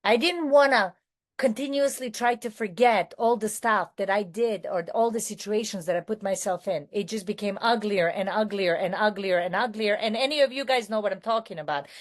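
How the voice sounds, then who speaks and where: A woman's voice: medium pitch, lively intonation, brisk. A woman with a non-American accent, raised in New York City, giving a candid personal share at a recovery meeting, rambling and correcting herself with many fillers.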